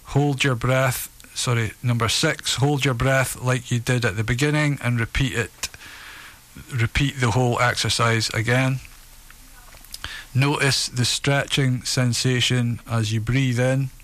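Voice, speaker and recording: A man leading a group through breathing and muscle relaxation exercises, giving calm, steady instructions. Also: medium pitch, measured pace. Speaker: relaxation session leader.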